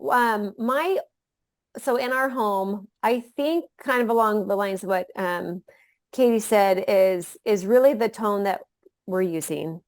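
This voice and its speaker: A woman guest on a podcast who is a mother, talking in a loud, energetic way in casual conversation. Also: medium pitch, measured pace, no echo, clean studio sound.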